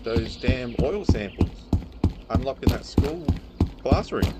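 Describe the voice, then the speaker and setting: Taking it slowly, this young man streams a game live and rants with curses about his poor loot. His medium-pitched voice is animated, and the recording is very noisy with loud game audio behind him.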